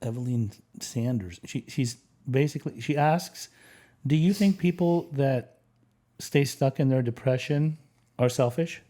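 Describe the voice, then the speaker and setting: A man hosting a podcast, reading listener questions and thanking his guest warmly. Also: mid-range voice, measured pace. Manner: warm, appreciative, small fillers. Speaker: podcast host.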